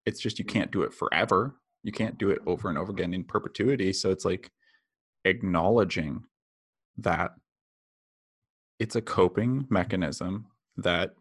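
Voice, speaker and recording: A man's voice: low voice, normal speed, fairly bright tone, husky. A man in casual conversation who talks candidly and reflectively and swears freely.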